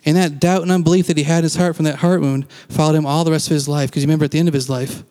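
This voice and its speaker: A man's voice: a little high, steady tone, very fast, dark tone, long reverb tail. A man giving a casual, conversational sermon as a pastor, acting out quoted lines and laughing now and then.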